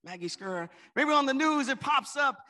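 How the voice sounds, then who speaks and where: A man preaching a sermon in church, calling out to the congregation and swinging between loud and soft. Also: extremely high pitch, expressive, normal speed. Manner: call-and-response preaching, rising and dropping volume. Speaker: pastor. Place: church with an in-person and online congregation.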